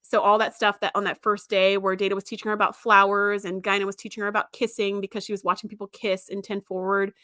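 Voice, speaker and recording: Young woman streamer, chatty, bright voice, dry close mic. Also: mid-range voice, level tone, quick pace, hardly any pauses, no echo. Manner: chatty and emphatic, with frequent fillers. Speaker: show host. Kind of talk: casual livestream commentary.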